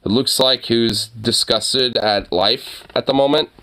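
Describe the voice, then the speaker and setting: A man's voice: medium pitch, steady tone, a little slow, pushed and bright. A young man chatting casually to the camera and his dog, loose and profane, laughing often and full of fillers. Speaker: dog owner vlogger.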